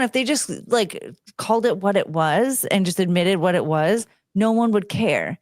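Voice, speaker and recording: Lively, mocking young woman panelist. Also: mid-range voice, moderate pace, no room sound, clean studio sound. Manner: animated, mocking. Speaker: podcast panelist. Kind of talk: casual chat.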